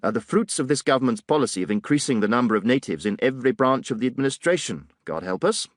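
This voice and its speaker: A man's voice: medium pitch, expressive, fast talker, no room sound, studio quality, pitched above the performer's own voice, natural voice. A man voicing a pompous, condescending colonial police officer in an audiobook, with a drawling, superior manner. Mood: sneering.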